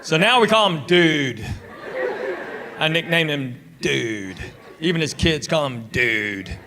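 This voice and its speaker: A middle-aged man doing a stand-up comedy routine on a theater stage, telling deadpan stories and chatting with the audience. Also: on the high side, slow pace. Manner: deadpan storytelling with crowd work. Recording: live show with loud crowd and noise. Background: loud audience laughter.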